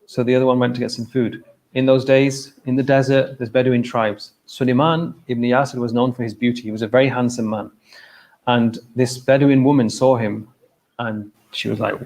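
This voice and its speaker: A man's voice: mid-range voice, steady tone, a little fast, a little mellow. A man giving an informal, conversational sermon at a mosque, addressing the congregation directly and often checking in with "okay?". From England. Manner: conversational, direct, frequent "okay?" and "look", brief laughs. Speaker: speaker at a mosque event. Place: mosque hall.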